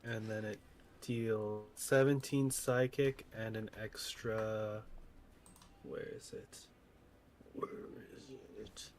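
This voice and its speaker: Slow, hesitant male player. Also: fairly low pitch, fairly even intonation, a little hiss or hum. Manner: hesitant, searching for rules aloud. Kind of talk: casual tabletop play.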